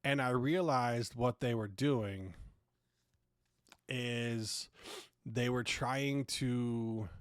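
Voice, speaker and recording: A man's voice: mid-range voice, drawn-out words, pauses often, dry recording, studio quality. A man hosting a podcast, ranting casually and sarcastically, swearing freely and often restarting his sentences. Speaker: podcast host.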